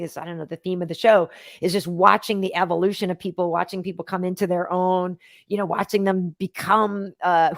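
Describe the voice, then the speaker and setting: A chatty woman hosting a podcast, talking loosely and circling back on her thoughts. Her voice sits at a middle pitch and sounds dry and close, with no room around it. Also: dry recording. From Boston area. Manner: chatty, rambling, reads out viewer comments. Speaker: podcast host. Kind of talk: casual chat.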